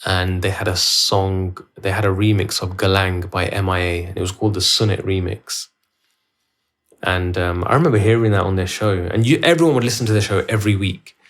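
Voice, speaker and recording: Man, podcast host, low-pitched voice, rambling casual storytelling, filming himself at home. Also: fairly even intonation, fairly quick, a bit bright. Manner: rambling and loose, full of likes and restarts.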